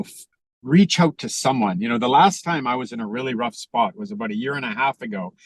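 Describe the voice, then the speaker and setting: A middle-aged man talks earnestly over a video call, pausing and restarting often as he works through his thoughts. His voice sits at an ordinary pitch and the sound is dry and close. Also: dry recording. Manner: earnest, halting, with frequent fillers and restarts. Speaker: podcast guest, author. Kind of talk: reflective conversational talk.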